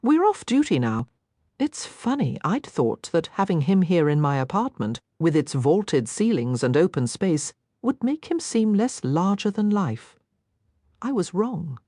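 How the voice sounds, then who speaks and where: A woman reads a first-person romance audiobook, her voice low yet lively, swinging widely in pitch. Her delivery is intimate and expressive. The recording is close and dry, with no room around it. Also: a little slow, dry recording. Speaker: audiobook narrator.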